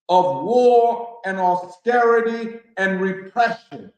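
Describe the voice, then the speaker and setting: Guy giving a political talk, slow and emphatic, kinda high voice, rhetorical questions, big echo all around. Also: animated, a little mellow. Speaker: discussion leader. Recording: echoey room.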